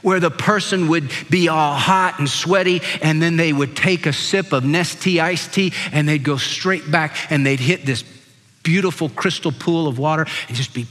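An older male pastor with a high, bright voice delivers an impassioned sermon. He slows down and drops his voice low for the scripture passages. His words carry a long reverb, as if in a large hall. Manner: impassioned preaching, voice dropping low and slow for scripture.

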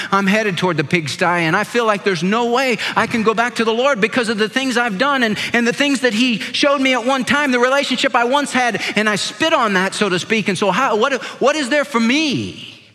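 An older man preaching a sermon with passion, dropping low and slow when he reads scripture. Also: sharp tone, long reverb tail. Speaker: pastor.

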